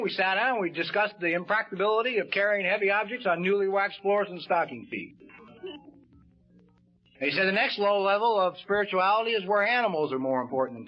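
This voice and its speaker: A man's voice: high voice, quick pace. A man speaking at a recovery meeting, telling stories in a folksy way with casual swearing and plenty of "you know" and "man". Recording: dull lo-fi tape.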